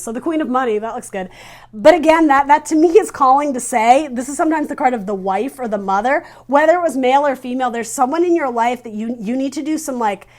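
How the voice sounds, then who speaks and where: A woman with a somewhat high voice giving a casual tarot reading straight to the camera. She talks earnestly and directly to her viewer, feeling her way toward each message as she speaks. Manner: thinks aloud, searching for words. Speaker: tarot reader.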